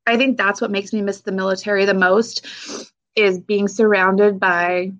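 Emotional woman veteran, halting speech. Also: medium pitch, little pitch movement, lo-fi sound. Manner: halting, emotional, with frequent fillers and nervous laughs. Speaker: military veteran guest. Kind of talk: emotional interview conversation.

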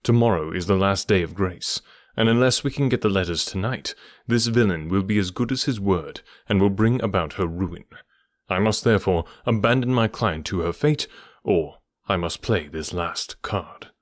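Man doing a calm detective, deep, quiet, measured, dryly assured, audiobook. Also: no room sound, clean studio sound, natural voice. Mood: reasoning calmly. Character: calm, cool-headed male detective, middle-aged. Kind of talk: audiobook character reading.

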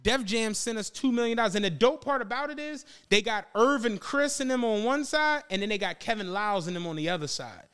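A man's voice: sits high, brisk, few pauses, a bit bright, clean tone. A man hosting a podcast, telling a story in casual chat and acting out the quotes, with lots of profane slang. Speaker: podcast host.

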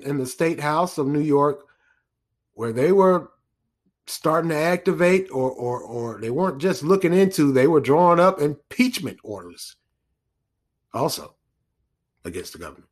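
A man's voice: fairly high pitch, expressive, a little slow, long pauses. A man talks through the news in a loose, off-the-cuff way. He restarts his sentences, drifts into asides and chuckles at his own remarks. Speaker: commentator. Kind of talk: casual news commentary monologue.

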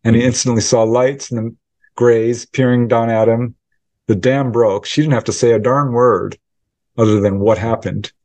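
A man, a researcher and author, answering interview questions as a lively storyteller who acts out the voices of people in his account. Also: medium pitch, moderate pace, no room sound. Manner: animated storyteller acting out quoted dialogue. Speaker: UFO researcher and author, guest.

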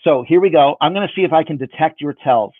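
A man's voice: fairly high pitch, fast talker, dry recording. A man performing magic for someone over a video call, with playful, self-mocking patter. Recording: dry, phone-like band.

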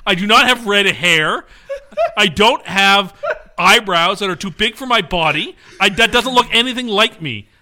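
A man co-hosting a casual podcast chat, playful and quick to get defensive when teased. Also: sits high, sharp tone. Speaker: podcast co-host. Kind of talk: casual chat, doing celebrity impressions.

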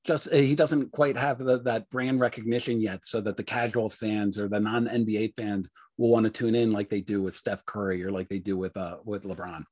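Husky man with a Mid-Atlantic accent. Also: fairly low pitch, steady tone, moderate pace, hardly any pauses, a little mellow. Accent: Mid-Atlantic American. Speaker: podcast co-host and sports media reporter. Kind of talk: casual podcast chat.

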